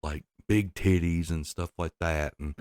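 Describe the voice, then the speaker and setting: Middle aged guy on a podcast, real deep voice, dry no room sound, swears a lot. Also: steady tone, measured pace, darkish tone, smooth, no room sound. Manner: profane, laughing storyteller. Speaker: podcast co-host. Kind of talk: casual storytelling chat.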